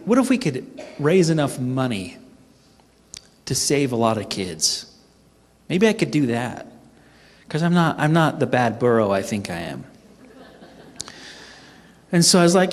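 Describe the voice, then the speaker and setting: A middle-aged man telling a funny personal story at a team training, animated and self-mocking. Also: mid-range voice, measured pace, pauses often. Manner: animated, humorous, acts out his own panicked voice. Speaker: speaker at a sales team training. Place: event hall. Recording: echoey hall reverb.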